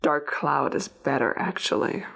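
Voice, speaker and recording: A woman giving a tarot reading, talking straight to the listener in a meandering way with restarts and gentle reassurance. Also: low voice, lively intonation, unhurried, vocal fry, breathy edge. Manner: meandering, many restarts and fillers, addresses listener directly. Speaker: tarot reader. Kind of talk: unscripted spiritual reading to camera.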